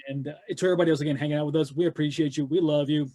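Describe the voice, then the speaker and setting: A man's voice: a little high, fairly even intonation, racing, warm tone. A man hosting a casual webcast, rambling and repeating himself as he thanks the audience. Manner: rambling, repeats words when wrapping up. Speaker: host. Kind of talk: casual chat.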